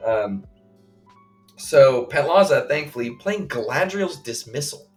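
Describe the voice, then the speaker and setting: A man co-hosting a podcast, recounting a game play by play in casual chat, full of fillers and quick acted quotes. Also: mid-range voice, animated, soft background music. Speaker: podcast co-host.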